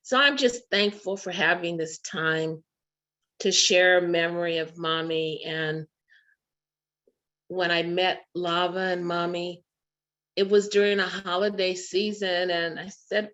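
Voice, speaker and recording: Woman, memorial tribute, fond storytelling, fairly low voice, muffled video call sound. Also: fairly even intonation, a little slow, a bit bright. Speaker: memorial speaker.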